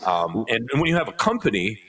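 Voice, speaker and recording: A man's voice: on the low side, sing-song, fast talker, a bit bright, low-quality recording. A man appearing as a podcast guest, a leadership coach who speaks in a straight-talking, loose and offhand way. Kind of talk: casual conversational interview.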